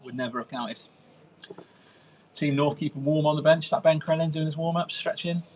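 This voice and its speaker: A man's voice: a little high, normal speed, darkish tone, a little hiss or hum. Wry man calling play. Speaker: match commentator. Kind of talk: play-by-play commentary.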